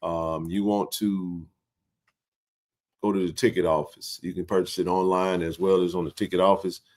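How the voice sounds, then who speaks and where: A man hosting a casual sports livestream, animated and joking in colloquial speech. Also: deep voice, moderate pace. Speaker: sports talk show host.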